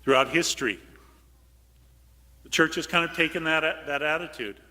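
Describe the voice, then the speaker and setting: A man preaching a lively homily as a priest, switching to hushed voices for quotes and sometimes calling out loud. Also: a little high, normal speed, in a large hall. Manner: animated, acts out quotes in hushed voices, sudden shout. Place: large church.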